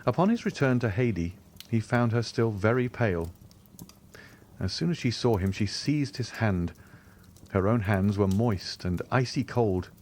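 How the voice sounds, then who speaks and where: A man narrating a classic novel as an audiobook, measured and formal. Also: on the low side, expressive, darkish tone, slight background noise. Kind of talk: scripted narration.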